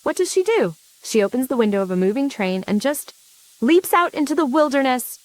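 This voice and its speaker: A woman's voice: sits high, big pitch swings, fairly quick, darkish tone, no echo. A woman narrating a story recap from a script, in a campy, sarcastic and theatrical way.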